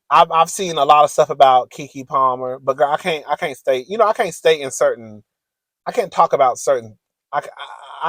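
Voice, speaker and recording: A man's voice: on the high side, no room sound. A man vlogging in a sassy, giggly gossip chat, calling the audience "girl" often. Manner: chatty, sassy, giggly, says "girl" a lot.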